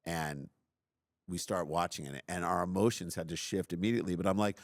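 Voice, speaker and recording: A middle-aged man hosting a podcast, telling a personal story in an animated, self-deprecating way and acting out his own outbursts. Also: low-pitched, a little fast, no room sound, clean studio sound. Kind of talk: casual storytelling.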